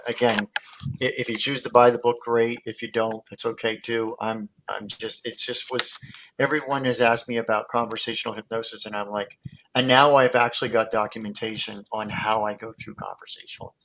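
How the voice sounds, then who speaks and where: A man's voice: fairly low pitch, level tone, brisk, fairly bright tone, a little hiss or hum, low-quality recording. A man, a hypnotist guest, explaining his methods in casual talk with many fillers and restarts, heard over a video call.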